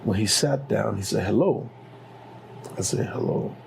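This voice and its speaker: A man's voice: fairly low pitch, brisk, gravelly, slight background noise, rough recording. A middle-aged man with a Liberian accent telling his story as an interview guest, acting out the dialogue with animation. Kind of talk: personal storytelling.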